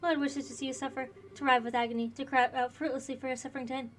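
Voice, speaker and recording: A woman voicing a taunting villainous dark knight. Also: high-pitched, little pitch movement, very fast, natural voice. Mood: mocking. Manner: taunting, theatrical. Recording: faint game music behind.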